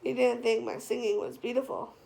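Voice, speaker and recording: Teasing young male angel, theatrical and sarcastic, woman reader doing him; slightly high, gravelly. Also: fairly even intonation, a little fast, dark tone. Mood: mock hurt.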